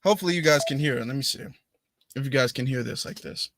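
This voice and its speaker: A man's voice: medium pitch, quick pace, fairly bright tone, no echo. A man hosting a livestream in a casual commentary style. He is emphatic and indignant and repeats his points. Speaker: livestream host.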